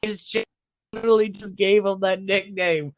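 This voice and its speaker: A man's voice: high voice, fairly even intonation, normal speed, no echo, low-quality recording. A man in casual podcast chat, joking, laughing a lot and quoting movie lines. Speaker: podcast co-host.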